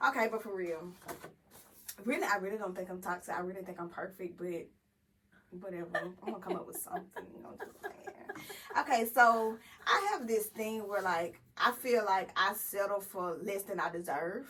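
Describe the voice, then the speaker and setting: Animated, laughing woman, off-mic. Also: mid-range voice, normal speed, distant mic, slight background noise, rough recording. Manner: animated, laughing, self-mocking. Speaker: podcast co-host. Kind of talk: casual chat.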